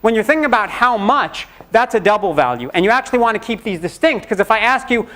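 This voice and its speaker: A man's voice: high voice, animated, fairly quick, few pauses, a bit bright. A middle-aged man giving a university programming lecture in a conversational, joking way, acting out students' questions. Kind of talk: classroom lecture. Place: lecture hall.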